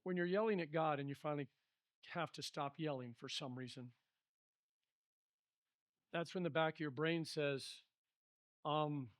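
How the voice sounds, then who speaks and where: A middle-aged pastor leads a Bible study, telling stories in an animated, conversational way. His voice sits fairly high for a man. The sound is dry and close, with little room. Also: unhurried, long pauses, dry recording.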